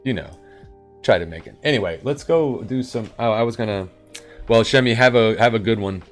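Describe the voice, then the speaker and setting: A man's voice: on the low side, brisk, soft background music. A man live-streaming and chatting casually with viewers, rambling and upbeat in his morning voice. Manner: rambling and upbeat, with sudden loud bursts.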